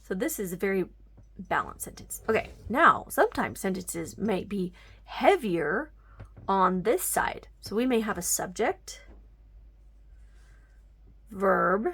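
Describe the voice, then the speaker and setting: A woman teaches a grammar lesson with a slightly gravelly voice at a middle pitch. She explains patiently, step by step, checking often that listeners follow. Now and then she drops a word almost to a whisper. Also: very animated, takes it slowly, pauses often, a bit bright.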